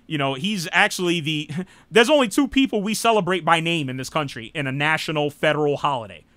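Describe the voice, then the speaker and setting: A high-pitched American man hosting a live political talk show. His voice is bright and forward, recorded dry and close. He rambles casually, with many "you know"s and blunt asides. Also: lively intonation, fairly quick, no echo. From United States. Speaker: host.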